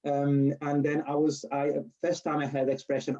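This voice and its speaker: Animated man with a Spanish accent. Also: fairly high pitch, moderate pace. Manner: animated storyteller, acts out quotes, laughs often, restarts and self-corrects. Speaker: university lecturer and nurse interviewee. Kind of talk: casual interview chat. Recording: dull lo-fi recording.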